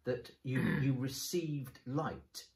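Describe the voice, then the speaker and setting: Reflective bishop in a roomy space. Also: male voice, mid-range voice, slow, darkish tone. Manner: thoughtful, explains step by step with frequent restarts. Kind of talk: conversational bible discussion. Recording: roomy echo.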